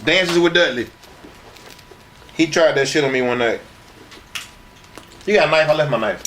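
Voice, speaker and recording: A middle-aged man who used to wrestle tells brash, profane stories from those years in a sit-down shoot interview, performing what others said. His voice is a little high and fairly bright, at a moderate pace, with slight background noise.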